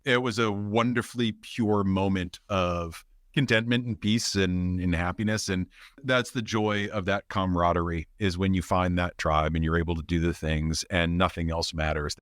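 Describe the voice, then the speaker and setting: A man's voice: low voice, fairly even intonation, moderate pace, fairly bright tone, dry recording, clean studio sound. A man hosting a podcast, talking in an easygoing, reflective way as he wraps up the chat. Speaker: podcast host. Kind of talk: casual conversation.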